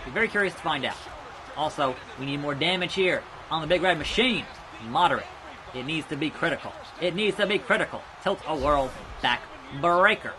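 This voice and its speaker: A young man giving rambling let's play commentary, chatting about wrestling news and reacting loudly to the game as he plays. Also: fairly high pitch, expressive, brisk, background noise. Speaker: gaming YouTuber.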